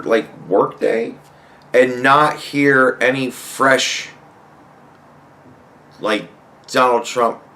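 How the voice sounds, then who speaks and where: A man's voice: medium pitch, a bit bright. A man hosting a podcast in a casual, rambling comedic monologue, swearing freely and laughing often. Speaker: podcast host.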